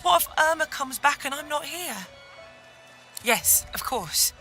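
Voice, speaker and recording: An actress voicing a grieving mother in a game, pleading softly and tearfully for her lost daughter. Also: high-pitched, lively intonation, a little slow, soft background music, full character voice. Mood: sorrowful. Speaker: game character.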